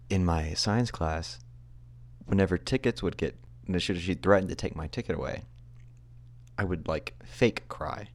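Brief: young male podcast host, deep voice, rambling and self-deprecating storyteller. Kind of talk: casual storytelling.

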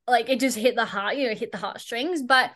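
A young woman chats on a podcast in a casual, blunt way. She is sarcastic and swears freely. Her voice is bright and a little high. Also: a little fast. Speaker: podcast guest, entrepreneur.

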